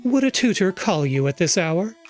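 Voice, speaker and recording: A streamer doing a calm, menacing kidnapper. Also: mid-range voice, soft background music, natural voice. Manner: calm, measured, threatening. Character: cold, menacing male kidnapper on the phone. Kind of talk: reading game dialogue aloud.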